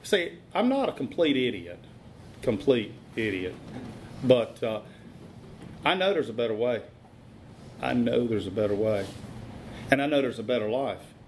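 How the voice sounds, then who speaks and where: A middle-aged man giving a blunt, plain-spoken personal testimony at a recovery meeting, halting often with fillers. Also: medium pitch, animated, a little mellow, slight background noise.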